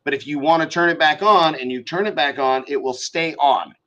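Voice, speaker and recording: A man with a fairly high, bright and forceful voice walks viewers through design software on a casual live stream. He swears freely and thinks out loud as he clicks through each step. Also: fairly quick, highs cut off. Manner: profane, thinks aloud while working. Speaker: show host teaching design software.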